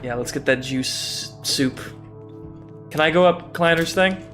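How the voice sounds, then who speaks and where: A man's voice: a little high, a little slow, a bit bright, soft background music. A young man casually talking through a game on a livestream, chatty and self-mocking, swearing freely and laughing often. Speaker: streamer. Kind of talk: casual gaming livestream commentary.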